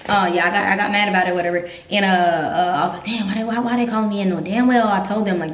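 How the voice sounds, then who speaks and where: Fast-talking woman, just telling it straight, kinda emotional, echoey room. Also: mid-range voice, fairly even intonation, muffled recording. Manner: emotional, candid, repeats herself when upset. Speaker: vlogger telling her army story. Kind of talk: casual storytelling vlog.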